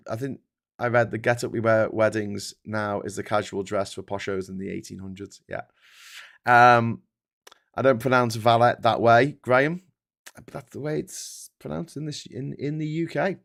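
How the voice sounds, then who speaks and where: A British man in his fifties hosting a casual live stream, reading viewer comments and ranting with plenty of swearing and restarts. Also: medium pitch. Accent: British English. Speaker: livestream host.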